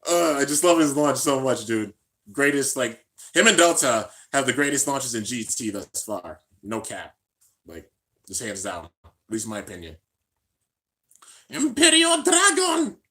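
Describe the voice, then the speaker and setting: A man hosting a live reaction stream in casual, slangy chat, swinging between hyped shouts and low mumbles. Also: normal speed. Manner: excitable, slangy, keeps saying "dude".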